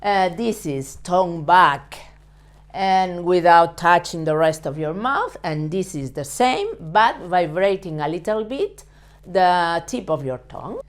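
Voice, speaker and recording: A woman teaching a language lesson in English, slowly saying each example word and repeating it. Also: on the low side, animated. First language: Spanish. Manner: models Spanish words slowly and repeats them. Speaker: Spanish teacher. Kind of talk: slow step-by-step language lesson.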